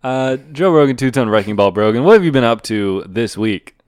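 A man's voice: mid-range voice, expressive, a little fast, a little mellow, clear, resonant tone, dry recording, studio quality, close to an everyday voice. A man doing a neurotic, stressed middle-aged male podcast host who rambles pompously and stalls on fillers. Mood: rambling.

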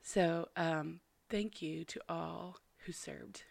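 A woman's voice: fairly low pitch, steady tone, slow, vocal fry, no echo. A woman hosting a podcast, talking to listeners in a chatty, apologetic and heartfelt way. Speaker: podcast host. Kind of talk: casual podcast intro.

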